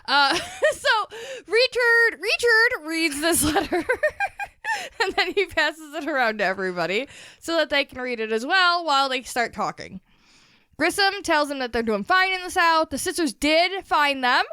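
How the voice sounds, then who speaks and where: A woman co-hosting a book podcast sums up the chapter in a loose, rambling way, laughing and swearing as she goes. Her voice is high, bright and clear, with a lively, animated pitch. The sound is close and dry. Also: moderate pace, dry recording. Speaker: podcast co-host. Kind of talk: casual chat, chapter recap.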